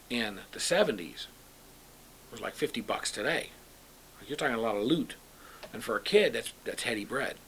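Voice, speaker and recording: A man's voice: medium pitch, a little hiss or hum. A middle-aged man from Youngstown, Ohio, a painter, telling personal stories in a documentary interview and acting out the voices of people he quotes. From Youngstown, Ohio, USA. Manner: animated storyteller, acts out quoted dialogue. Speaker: painter and comic book writer interviewed.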